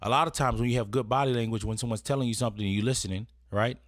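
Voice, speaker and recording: A man's voice: medium pitch, steady tone, rapid-fire, no echo. Man giving dry, chatty advice talk. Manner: conversational, checks in with frequent "right?". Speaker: presenter giving etiquette advice. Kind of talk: casual instructional talk, partly read.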